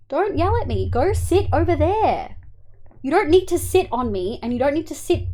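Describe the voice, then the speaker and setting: A young Australian woman livestreams while playing, candidly thinking out loud, swearing casually and affectionately scolding her cat. Her voice is a little high.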